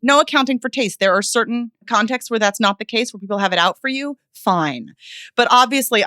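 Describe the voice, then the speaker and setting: A woman vocal coach speaking as a podcast guest, expressive and animated, with playful ironic asides. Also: mid-range voice, no room sound, studio quality. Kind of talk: podcast interview.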